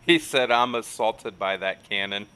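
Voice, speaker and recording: A man's voice: on the low side, measured pace, pushed and bright, clear, resonant tone. A man co-hosting a livestream, greeting chat viewers and joking with lots of laughter. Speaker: co-host reading viewer chat. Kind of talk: casual live chat.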